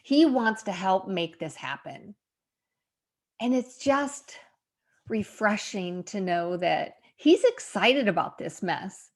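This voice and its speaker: A faith vlogger in her fifties, grandmother to young boys, talks candidly in a casual devotional vlog filmed in a room being remodeled. Her medium-pitched voice is lively yet slow, and she sounds reflective, often laughing at herself.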